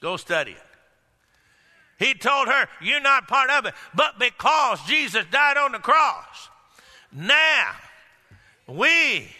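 A man preaching a sermon with emphasis, now and then rising to a shout and putting questions to the congregation. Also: very high voice. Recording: echoey hall with long reverb.

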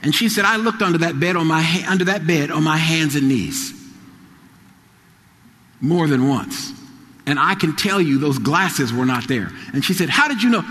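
Guy preaching a sermon, goes quiet then gets loud, voice on the higher side, big echoey hall. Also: expressive, moderate pace. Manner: swings from soft storytelling to loud, rising exhortation.

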